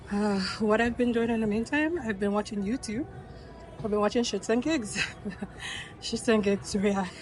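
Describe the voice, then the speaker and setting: A woman's voice: a little high, darkish tone, poor audio. Breathless pregnant woman chatting at the gym. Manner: candid, chatty. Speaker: vlogger. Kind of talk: casual vlog chat.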